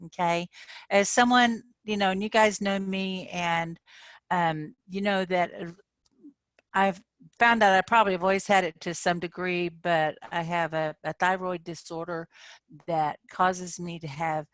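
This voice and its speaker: A woman's voice: on the low side, measured pace, no room sound. A woman coach giving an informal talk to her members in an online session, speaking conversationally and often checking in with "okay?". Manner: animated when acting out frustration. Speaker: manifestation coach.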